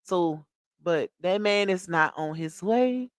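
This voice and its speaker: A woman's voice: fairly low pitch, lively intonation, slow pace, dry recording, clean studio sound. Chatty woman hosting a gossip live stream. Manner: chatty, emphatic, repeats herself, addresses viewers as y'all and child. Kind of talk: casual gossip live stream, reading chat comments.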